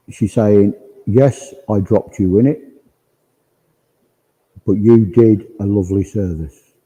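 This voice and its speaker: A man's voice: on the low side, dark tone, breathy edge, rough recording. A man working as a spiritualist medium, relaying spirit messages to the congregation in quoted speech during a service. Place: village hall.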